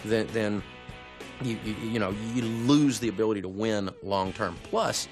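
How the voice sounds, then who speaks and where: A middle-aged man acting as a financial advisor, calmly and steadily explaining an answer. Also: on the low side, normal speed, over music.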